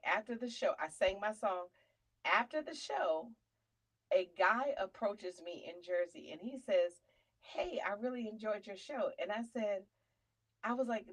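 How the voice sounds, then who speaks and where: A woman with a New York accent, telling a lively faith story on a talk show, dropping to murmurs and rising to loud cries. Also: low-quality recording. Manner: animated testimony, swinging from low murmurs to loud cries. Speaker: guest.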